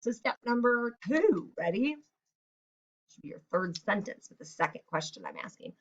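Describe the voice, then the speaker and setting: A woman's voice: medium pitch, big pitch swings, normal speed. A woman teacher leads children through a writing task one step at a time in a recorded lesson. Now and then she acts out her example sentences. The recording is dull and lo-fi.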